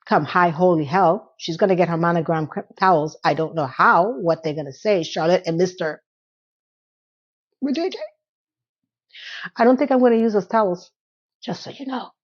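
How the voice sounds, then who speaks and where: A woman's voice: on the low side, fairly quick, muffled recording. A woman giving a casual, opinionated recap of a TV episode. She retells scenes by acting out the quotes and drops blunt asides.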